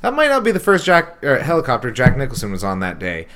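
A man's voice: mid-range voice, wildly swooping pitch, fast, fairly bright tone. A man co-hosting a podcast in casual chat, making emphatic, profane points. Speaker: podcast co-host.

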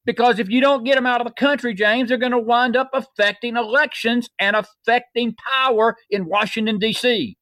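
A man's voice: very high voice, steady tone, moderate pace, hardly any pauses, sharp tone, no echo. A man co-hosting a heated political talk show, fiery and preachy as he rallies listeners. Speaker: co-host.

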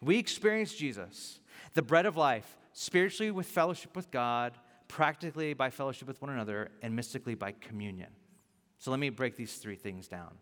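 A male pastor preaching a sermon, animated and emphatic, repeating key lines for weight. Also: medium pitch, a little fast, big-room sound.

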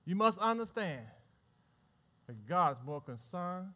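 Preaching with a high, very animated, sharp-toned voice, a middle-aged pastor with a Southern American accent plays out call-and-response with imagined churchgoers. Laughter and quick back-and-forth voices fill his sermon.

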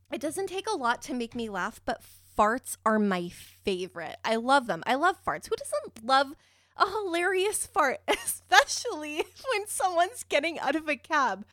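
A woman telling a personal story in a casual, animated way, giggly and swearing freely. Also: high voice, unhurried, no echo, studio quality.

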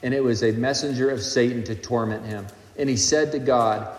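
A man preaching a sermon as pastor, animated, swinging between loud passages and quiet asides. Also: medium pitch, moderate pace, hardly any pauses. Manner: animated preaching, rising and dropping in loudness. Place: church hall. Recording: echoey hall recording.

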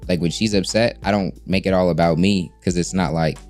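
A man's voice: deep voice, fast talker, few pauses, a little mellow, faint music behind. A man co-hosting a casual chat about his marriage, laid-back and plain-spoken. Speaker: podcast co-host.

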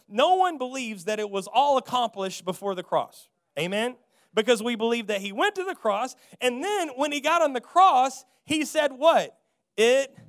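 A male pastor preaching a sermon, repeating key phrases and calling out for amens. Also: very high-pitched.

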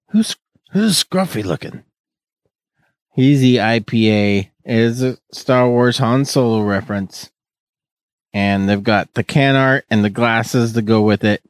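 A man's voice: on the low side, dry recording, studio quality. A man hosting a casual podcast chat, joking and rambling with many restarts. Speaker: podcast host.

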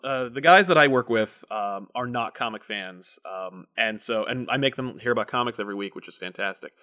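A man hosting a casual chat, telling animated stories full of swearing and acted-out voices. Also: fairly quick. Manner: animated storyteller, swears, acts out voices with big pitch jumps. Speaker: podcast host.

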